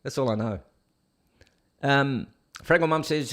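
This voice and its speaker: A man's voice: high-pitched, very animated, normal speed, bright, forceful tone. Middle-aged man reading chat aloud. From Canada. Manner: reads comments aloud, sings snatches of songs. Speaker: livestream host reading chat. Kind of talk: casual chat.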